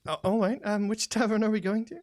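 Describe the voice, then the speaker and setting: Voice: mid-range voice, steady tone, quick pace, a little mellow, dry recording, pitched above the performer's own voice, lightly acted. A game master voicing a shy, nervous young woman who stammers and hesitates politely. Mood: flustered.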